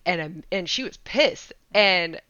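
A woman with a bright, forceful and crisp voice, pitched a little low, tells a long story in casual chat. She talks in an animated, slangy way and laughs often. The sound is dry and slightly dull. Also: slow, dry recording. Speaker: podcast co-host, Air Force veteran.

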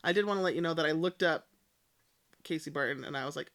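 Gravelly-voiced woman in casual chat. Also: low voice, fast, a bit bright. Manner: reacting with short exclamations and teasing questions. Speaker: podcast co-host.

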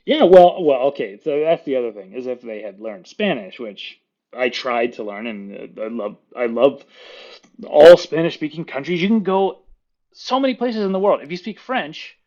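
Man, middle-aged, from Florida, podcast guest, animated storyteller, laughs a lot, muffled lo-fi sound. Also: a little high, normal speed. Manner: animated storyteller, acts out quoted voices, laughs often. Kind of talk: casual podcast chat.

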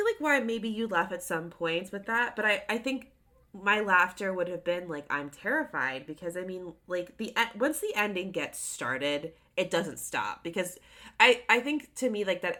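A woman's voice: on the low side, pushed and bright. A woman co-hosting a podcast, chatting animatedly with lots of "like". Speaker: podcast co-host. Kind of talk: casual chat.

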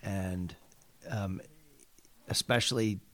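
A man's voice: deep voice, fairly even intonation, takes it slowly, fairly bright tone. A man hosting an interview podcast, speaking thoughtfully and hesitantly, searching for words as he reflects. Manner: thoughtful, hesitant, many fillers and restarts. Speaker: host, school superintendent.

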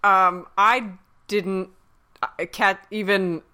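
A woman co-hosting a podcast, talking casually in halting bursts with restarts. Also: medium pitch, fairly even intonation, bright, forceful tone, clear, resonant tone. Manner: halting, restarts, many fillers. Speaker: podcast co-host. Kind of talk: casual chat.

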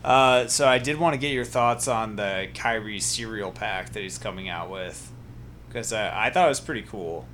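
A man from Iowa co-hosts a sports podcast with a low voice and a relaxed, dry way of teasing his partner. A faint hiss of noise runs underneath his voice, and he never sounds in a hurry. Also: normal speed. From Iowa, USA. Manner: laid-back, dry teasing. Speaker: podcast co-host. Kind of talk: casual sports podcast chat.

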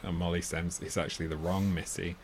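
A man's voice: flat delivery, brisk, crowd noise. A man co-hosting a casual chat about a comedy film, amused and often laughing. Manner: amused, acts out quoted lines in loud squeaky voices. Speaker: podcast co-host.

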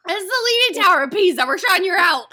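A woman's voice: extremely high pitch, animated, fast, bright, forceful tone. A woman co-hosting a casual podcast, giggly and teasing with her friends. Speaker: podcast co-host. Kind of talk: casual chat.

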